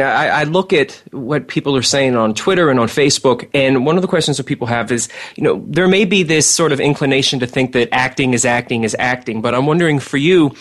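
A man hosting a radio interview, asking long, winding questions in a chatty way. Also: medium pitch. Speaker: interviewer host.

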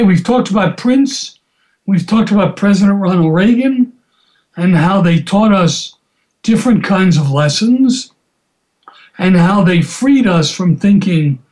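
A man with a high voice hosting a radio show. He gives out details for listeners, then settles into reading a story aloud. His reading is slow and deliberate, with the odd slip and restart. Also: a little mellow, rough recording.

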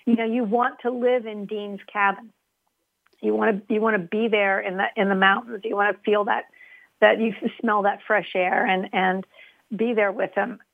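A woman's voice: medium pitch, little pitch movement, moderate pace, gravelly, no echo. Earnest woman on a tinny line. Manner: earnest, thoughtful, many restarts. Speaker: guest. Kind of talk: casual interview chat.

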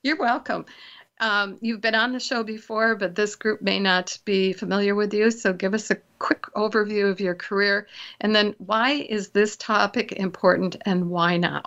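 A woman hosting a radio talk show, chatting casually with fillers and slowing down for emphasis. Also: mid-range voice, fairly even intonation, fairly bright tone, highs cut off. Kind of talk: casual chat and scripted intro.

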